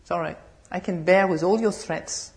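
A woman's voice: on the low side, moderate pace, close to an everyday voice, low-quality recording. Serene, patient Buddha, voiced by a woman. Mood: calm. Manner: calm, steady, reassuring.

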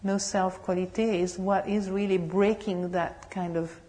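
A Buddhist nun giving a dharma talk, telling humorous, animated stories. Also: female voice, mid-range voice, measured pace. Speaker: Buddhist nun and meditation teacher.

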